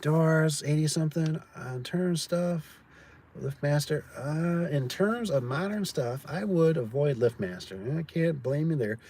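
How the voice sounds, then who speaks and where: His voice is on the high side and a little mellow, measured in pace, with slight background noise. The owner of a door and gate company, he spins rambling livestream stories, impersonating quoted people and using lots of fillers.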